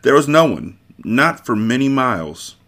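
A man's voice: mid-range voice, sing-song, moderate pace, a bit bright. A man voicing a proud young woman held captive in a storybook reading, speaking in a curt, guarded way.

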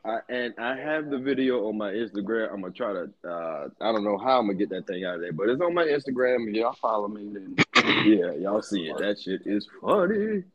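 A man chatting casually on a podcast, lively and quick to laugh. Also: on the low side, no room sound, lo-fi sound. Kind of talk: casual chat.

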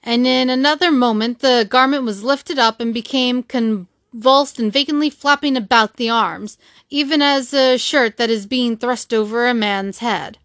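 A woman narrating a classic novel as an audiobook reader, steady and measured, close to the mic. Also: fairly high pitch, no echo. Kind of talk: storybook narration.

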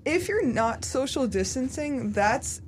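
A young woman co-hosting a casual podcast, talking with lots of fillers and quick asides. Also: high-pitched, animated, slightly rough. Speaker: podcast co-host.

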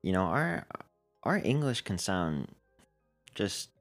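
A man's voice: sits low, big pitch swings, slow pace, soft background music. A young man from the American South co-hosting a podcast, talking casually and joking around. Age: young adult. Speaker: podcast co-host. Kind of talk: casual chat.

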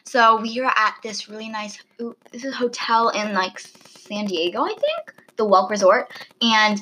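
Bright-voiced teen girl chatting. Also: mid-range voice, expressive, normal speed, a little hiss or hum, poor audio. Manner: giggly, rambling, chewing near the mic. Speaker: friend asking questions. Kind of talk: casual chat.

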